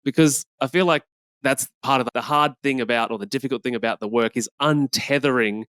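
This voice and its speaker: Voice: medium pitch, brisk, a bit bright, no room sound. A podcast host in casual chat, reflective, offering short thoughts and affirmations.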